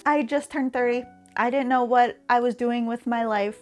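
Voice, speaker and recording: A woman's voice: on the high side, darkish tone. A woman in her thirties from Canada, talking casually and candidly in a vlog, often laughing between phrases. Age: 30s. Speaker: streamer and vlogger.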